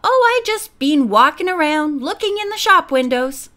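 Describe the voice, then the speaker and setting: In an audiobook, a woman voices a vague, innocent young maid who answers blankly. She pitches her high voice above her own natural one and makes it very animated, exaggerated, bright and forceful, at normal speed.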